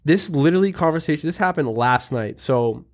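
A man's voice: fairly high pitch, animated, fairly quick. A young man co-hosting a podcast, chatting casually and telling rambling stories full of fillers. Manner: rambling storyteller, lots of "like" fillers. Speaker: podcast co-host. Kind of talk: casual chat.

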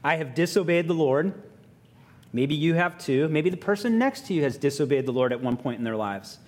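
A man pastor, telling a personal story in a sermon with lively self-mocking humor, then growing soft and quiet for reflection. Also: a little high, a little fast, big-room sound. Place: church sanctuary.

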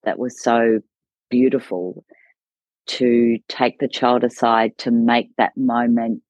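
A woman's voice: extremely low pitch, fairly even intonation, takes it slowly, no echo, muffled recording. A woman co-hosting a casual chat, speaking thoughtfully and affirming her guest often. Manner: thoughtful, affirming, many soft backchannels. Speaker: podcast co-host in education.

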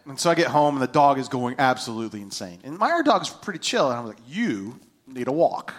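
A middle-aged man, a pastor, preaching a sermon and telling a family story, swinging between hushed and loud. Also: medium pitch, big pitch swings, quick pace.

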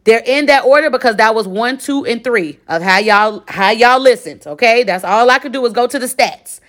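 Chicago-born woman in her 40s hosting her podcast, kinda high voice, super chatty, keeps saying okay. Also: moderate pace. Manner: chatty, animated, lots of direct address and 'okay?'. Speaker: podcast host. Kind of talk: casual solo podcast recap.

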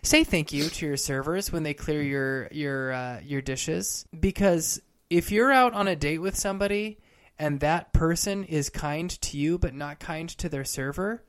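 A man co-hosting a casual podcast, with a voice a little higher than most men's. He cuts in with quick, wry remarks and tells his own stories in a relaxed, conversational way. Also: smooth. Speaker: podcast co-host. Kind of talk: casual chat.

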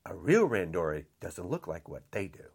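A man's voice: low voice, big pitch swings, moderate pace, vocal fry, darkish tone, slightly rough. An older man delivering an angry, blunt rant, repeating himself and saying how upset he is. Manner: indignant, repetitive, blunt.

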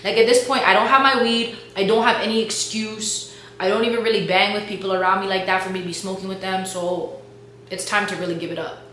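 A woman's voice: medium pitch, fairly even intonation, fast, fairly bright tone. A young woman, a college student, casually telling a faith testimony in a chatty, slangy way, full of "like" and "bro". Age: young adult. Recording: very echoey room with faint hum.

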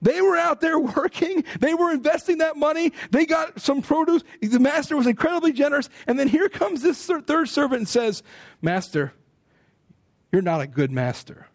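An American man preaching a sermon, telling stories in an animated way and acting out what people say. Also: very high-pitched, fairly quick, gravelly, hardly any pauses, no room sound, studio quality. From United States. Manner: animated storytelling, acting out quoted speech.

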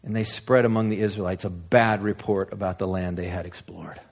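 A man preaching a sermon, retelling a story in an animated, humorous, conversational way. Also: low-pitched, moderate pace. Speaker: pastor.

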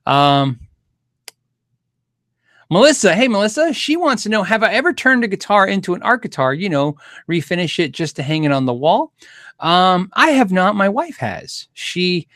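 A man's voice: high-pitched, big pitch swings, normal speed, a bit bright, no room sound, clean studio sound. A man hosting a guitar show, answering viewer questions in a loose, rambling way, often restarting his sentences. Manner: rambling, self-correcting, chuckles often. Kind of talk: casual livestream chat.

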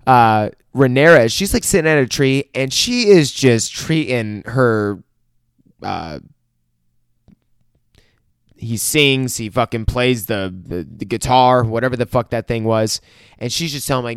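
Man, mid-pitched, casual rambling recap, heavy swearing, acted-out quotes, dry close sound. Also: moderate pace, clear, resonant tone, dry recording. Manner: profane, rambling, animated retelling with quoted dialogue. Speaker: show recapper.

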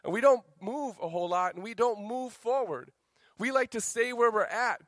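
A man preaching a sermon as pastor, energetic and joking, dropping to a quiet tone for personal stories. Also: very high-pitched, normal speed, dry recording.

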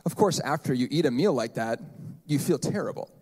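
A man's voice: mid-range voice, lively intonation, a little fast, a little mellow, husky. A man in his thirties preaching a sermon in a church, conversational and joking, with playful asides. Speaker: pastor.

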